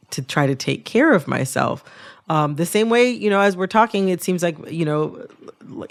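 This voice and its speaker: A woman hosting a public radio interview, speaking in a thoughtful, personal and measured way. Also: sits low, creaky. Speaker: podcast host.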